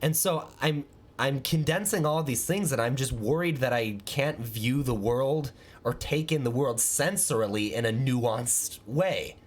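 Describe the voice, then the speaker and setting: A man hosts a podcast in loose, casual chat. He tells stories about himself with animated, self-mocking energy and a middle-pitched voice. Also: unhurried. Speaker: podcast host.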